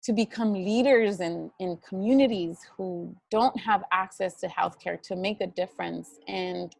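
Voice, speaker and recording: A woman's voice: medium pitch, a little slow, gravelly, no echo. A young adult woman ICU physician telling personal hospital stories to students, earnest and emotional, quoting conversations with frequent restarts. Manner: earnest, emotional, quotes dialogue, many restarts.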